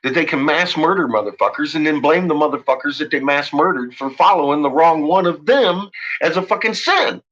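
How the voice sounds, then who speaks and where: A man's voice: a little high, expressive, fairly quick, muffled recording. A man on a late-night monologue, ranting and swearing heavily as he tells his story. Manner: profane, ranting, shouts in retold quotes. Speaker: host.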